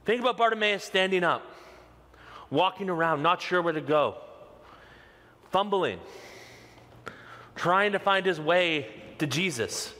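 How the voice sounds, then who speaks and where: A man's voice: high voice, expressive, pushed and bright. Passionate male preacher in a reverberant hall. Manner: passionate, emphatic preaching with slow repeated lines. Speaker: pastor. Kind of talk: sermon. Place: church sanctuary. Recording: long reverb of a large hall.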